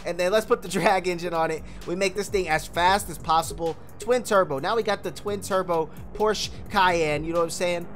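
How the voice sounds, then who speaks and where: A man's voice: high voice, normal speed, hardly any pauses, a bit bright, faint music behind. A young man with kids, giving casual gaming commentary as a video host, hyped and full of slang as he talks to viewers and a friend.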